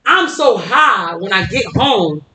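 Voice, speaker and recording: A woman guest on a casual podcast, telling profane, animated stories with lots of laughter. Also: mid-range voice, takes it slowly. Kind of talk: casual storytelling chat. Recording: echoey room with faint noise.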